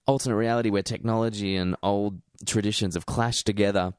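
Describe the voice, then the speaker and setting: Animated young man, dry sound. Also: on the low side, fairly quick, clean tone, dry recording. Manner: animated, swears, does mocking voices. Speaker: podcast co-host. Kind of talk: casual film review chat.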